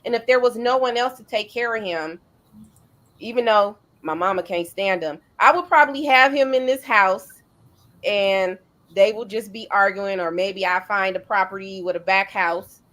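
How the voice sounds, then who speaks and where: A middle-aged woman hosting a casual chat, telling family stories in a relaxed way with fillers and restarts. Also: medium pitch, normal speed. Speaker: host.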